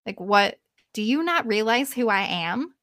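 A woman's voice: fairly high pitch, expressive, measured pace, sharp tone. Woman doing a breezy, blunt goddess. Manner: casual, offhand.

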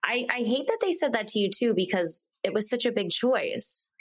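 A woman's voice: fairly high pitch, expressive, normal speed, husky. A woman hosting a podcast, responding sympathetically to a guest's story. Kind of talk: casual podcast chat.

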